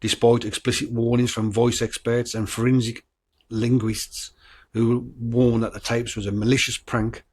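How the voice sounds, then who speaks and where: A man's voice: mid-range voice, level tone, moderate pace, darkish tone, breathy edge. A man hosting a true-crime podcast, talking bluntly with swearing, stumbles and restarts, and reading from his notes. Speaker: podcast host.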